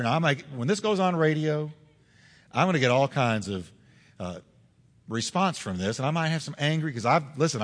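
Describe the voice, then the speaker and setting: A man's voice: mid-range voice, a bit bright, in a large hall. A male pastor preaching a sermon in a church, emphatic and full of rhetorical questions. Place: church sanctuary.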